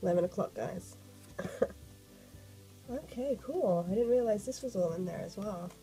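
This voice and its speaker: A woman, croaky from a cold, chatting excitedly as she unboxes a sketchbook for an art vlog. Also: mid-range voice, moderate pace, soft background music, rough recording. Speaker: art vlogger.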